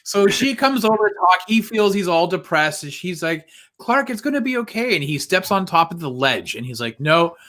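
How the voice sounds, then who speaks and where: A man's voice: high voice, lively intonation, moderate pace, few pauses, fairly bright tone. A man co-hosting a casual live podcast, animatedly retelling movie scenes and acting out the characters' lines with laughter. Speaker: co-host.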